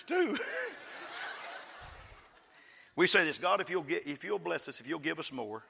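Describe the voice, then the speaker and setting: A man preaching a fervent sermon as pastor, repeating phrases and swinging from quiet asides to loud praise. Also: mid-range voice, vocal fry, big-room sound, slight background noise. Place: church.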